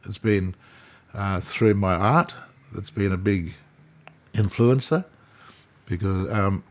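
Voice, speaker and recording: An older Australian man, an artist and elder, telling his story in an interview, halting, with many fillers and restarts. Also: lowish voice. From Central Australia.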